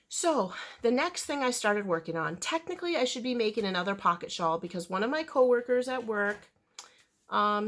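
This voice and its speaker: A woman chatting casually to camera about her crochet projects, rambling and correcting herself with fillers as she goes. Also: mid-range voice. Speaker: crochet vlogger.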